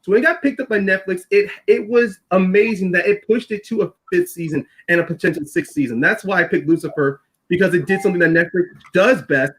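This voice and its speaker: A man with a notably high voice, chatting casually on a group podcast. He talks in an animated way, with laughter and quick asides. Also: low-quality recording. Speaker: podcast panelist.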